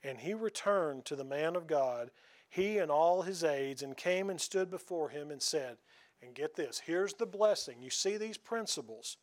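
A man's voice: on the high side, expressive, unhurried. Folksy preacher, man. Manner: folksy, conversational, asks the congregation questions. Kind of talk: sermon.

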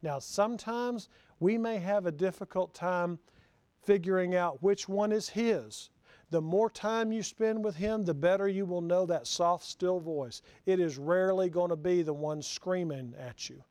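A pastor delivers a sermon in a high, mellow voice, earnest and searching as he puts question after question to his listeners. The sound is close and dry, with little room around it. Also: a little slow, no echo. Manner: earnest, asks the congregation questions.

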